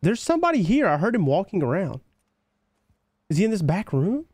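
Hyped high-voiced streamer guy. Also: huge pitch swings, brisk, darkish tone, no room sound. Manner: hyped, slangy, keeps calling people baby and bro. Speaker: live streamer playing a shooter game. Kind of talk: casual gameplay chat with teammates and viewers.

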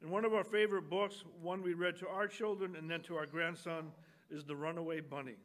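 High-voiced older pastor preaching. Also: male voice, steady tone, fairly quick. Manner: gentle storytelling, reads a children's book aloud to the congregation. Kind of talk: sermon. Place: church.

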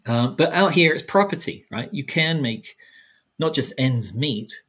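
Male guest historian, South London accent softened by years in America; hoarse-edged, rambling, conversational. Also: fairly high pitch, animated, measured pace. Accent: South London English mixed with American. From South London, England. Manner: chatty, rambling, many restarts. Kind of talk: conversational interview answer.

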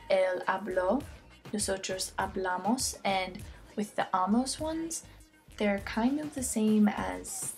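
Teen girl doing a homemade spanish lesson right into her computer mic, chatty and goofy, keeps getting sidetracked, faint music behind. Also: medium pitch. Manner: chatty, jokey, easily sidetracked. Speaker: amateur Spanish tutor. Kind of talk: casual homemade video lesson. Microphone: computer webcam mic close up.

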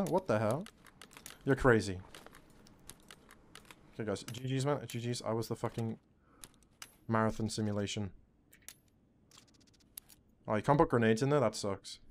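A man streaming a shooter game, chatting casually to his viewers, excitable and swearing often, calling everyone bro. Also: medium pitch, slight background noise. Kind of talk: casual live-stream commentary.

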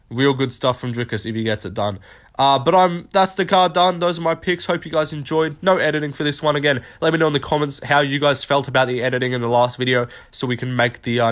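Young man, casual fight-pick vlog host, mid-pitched voice, rambling, filler-heavy, swears casually. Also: a bit bright. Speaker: MMA predictions host. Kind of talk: casual unscripted fight-prediction talk.

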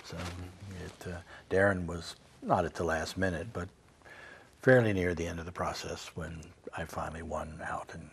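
A man's voice: low-pitched, fairly even intonation, normal speed, vocal fry, slightly rough. A man, a film director, reminiscing in an interview in a rambling, chuckling, self-mocking way.

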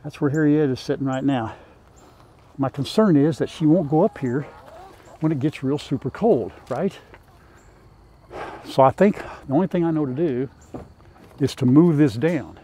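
An older man with an easy drawl, speaking a little high for a man. He chats in a folksy, rambling way, talking to his hens and to his viewers in turn, recorded on a lapel mic outdoors by a chicken pen. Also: moderate pace, long pauses, dark tone, a little hiss or hum. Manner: folksy and chatty, talks to his birds. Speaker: farm vlogger. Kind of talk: casual farm vlog talk.

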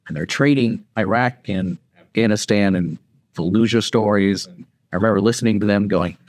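On a podcast, a male guest with a lowish voice tells a story casually at normal speed, with no room sound. He's animated and performs the voices of the people he quotes.

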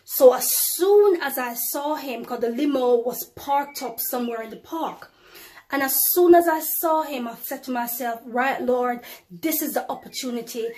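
A woman tells of a vision as a preacher, talking straight to her viewers. Her storytelling swings between emphatic, louder phrases and quiet asides. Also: high voice, normal speed, slight background noise. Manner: addresses viewers as brothers and sisters, ladies and gentlemen; storytelling with emphatic rises and drops in loudness. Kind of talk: testimony to viewers.

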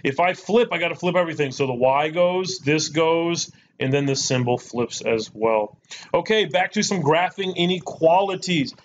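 A man teaching a math lesson in a chatty, joking way, repeating key points. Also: a little high. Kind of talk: recorded lesson. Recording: dull lo-fi recording with faint noise.

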